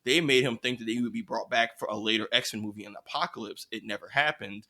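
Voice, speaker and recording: A man co-hosting a podcast, talking in an animated, slangy way with quick riffs. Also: on the low side. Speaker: podcast co-host. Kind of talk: casual chat.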